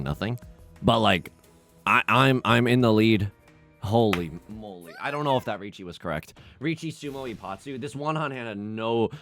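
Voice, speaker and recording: A young man commenting on his own online game as he plays, self-mocking and excitable, swinging from mumbled asides to loud outbursts. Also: medium pitch. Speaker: gaming YouTuber. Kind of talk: live commentary while playing.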